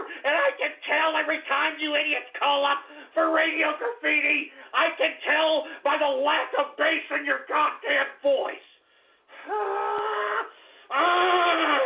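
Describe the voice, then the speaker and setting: Ranting radio host with a high, gravelly voice. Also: male voice. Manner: loud, exasperated ranting, shouting insults. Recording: tinny, phone-like radio broadcast audio.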